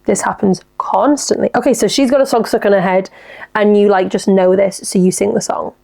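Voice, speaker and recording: A woman's voice: medium pitch, steady tone, brisk, gravelly, darkish tone. A young woman hosting a podcast alone, chatting casually and giggling as she reacts to listener messages. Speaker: podcast host. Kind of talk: casual solo podcast chat.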